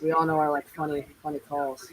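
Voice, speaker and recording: A man's voice: a little high, flat delivery, brisk, fairly bright tone, poor audio. A man with a Southern US accent hosting a casual sports chat stream, upbeat, with announcer-style hype calls. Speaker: host.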